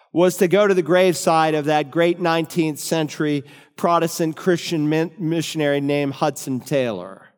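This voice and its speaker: A middle-aged man preaches from the pulpit, lifting his voice on key words and then slowing for weight. His voice is smooth, resonant and a little high for a man. Long reverb from the church sanctuary trails every phrase. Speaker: pastor. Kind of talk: sermon.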